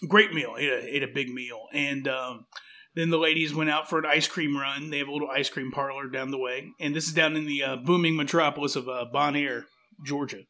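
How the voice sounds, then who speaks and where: A man's voice: medium pitch, steady tone, brisk, bright, forceful tone. A man telling a long rambling story in casual chat, acting out what people said. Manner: rambling, self-deprecating, acts out quotes.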